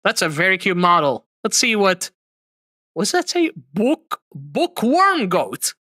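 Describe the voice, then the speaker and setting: A man hosting a livestream, reacting to clips with expressive, mock-outraged chatter. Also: sits high, slow pace, no room sound. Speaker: streamer host.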